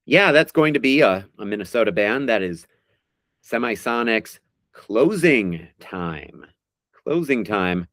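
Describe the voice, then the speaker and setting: A man hosting a trivia podcast, reading song lyrics slowly and deliberately and announcing each question with animated energy. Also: lowish voice, no room sound, studio quality. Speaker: podcast host.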